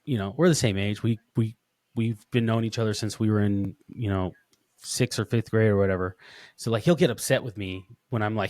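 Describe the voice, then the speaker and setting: A man hosting a casual podcast interview, telling rambling, animated stories with lots of restarts. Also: fairly low pitch, a little fast, no echo. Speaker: podcast host.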